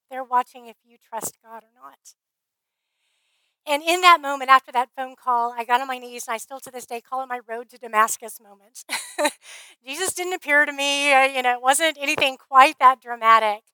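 A woman speaker at a conference, telling her faith story in an earnest, heartfelt way, often trailing off softly. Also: a little high, clear, resonant tone, dry recording, poor audio. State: briefly emotional. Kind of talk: faith testimony talk.

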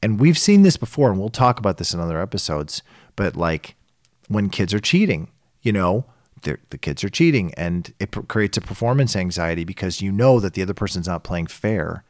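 A middle-aged man in a casual podcast chat who tells stories in an animated way and acts out the voices of the people in them. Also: low-pitched, fairly quick, dry recording, clean studio sound. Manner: animated storyteller acting out quoted voices. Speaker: podcast co-host.

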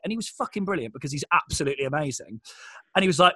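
Male comedian, quick-fire rambling anecdotes, dry close mic. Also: a little high, expressive, fairly bright tone, husky, no echo. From Britain. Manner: quick, self-deprecating storytelling with lots of fillers. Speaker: comedian and guest. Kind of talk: casual podcast chat.

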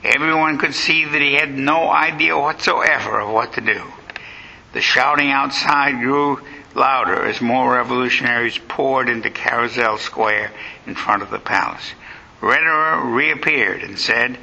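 A man's voice: mid-range voice, steady tone, measured pace, vocal fry, sharp tone, husky, lo-fi sound. A man giving a dramatic history lecture, telling the story vividly and acting out the quotes.

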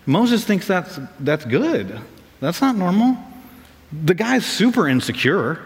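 Lively pastor preaching in a reverberant hall. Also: male voice, slow. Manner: animated, acts out quotes in higher voices. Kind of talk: sermon.

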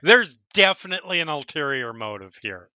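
A man narrating a tabletop game as dungeon master, explaining rulings in a measured, thoughtful way. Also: on the high side, big pitch swings, sharp tone, dry recording.

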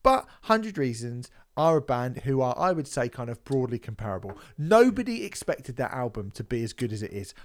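A man hosts a podcast in casual chat, his pitch rising and falling a lot. He talks in a lively, emphatic way and swears freely. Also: normal speed, few pauses. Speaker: podcast host.

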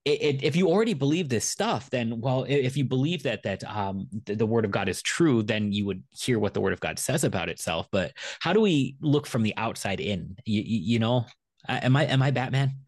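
A man, a pastor hosting a podcast, talking in a halting, joking way with many restarts. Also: medium pitch, animated, darkish tone, no echo, clean studio sound. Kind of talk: casual podcast chat.

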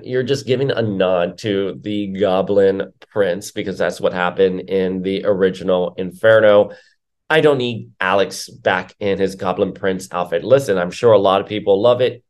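A man's voice: lowish voice, a little mellow. A man giving casual, opinionated commentary as a comic book reviewer, rambling with filler words.

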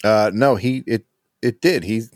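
A man co-hosting a podcast, talking in a sarcastic, profane, animated way. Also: on the low side, a little slow. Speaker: podcast co-host. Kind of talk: casual chat.

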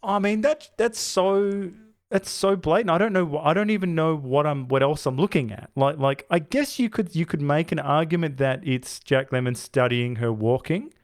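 A man's voice: on the high side, moderate pace, few pauses. Rambling man reviewing films. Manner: rambling, self-interrupting, laughs often. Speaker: podcast co-host. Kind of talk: casual film review chat.

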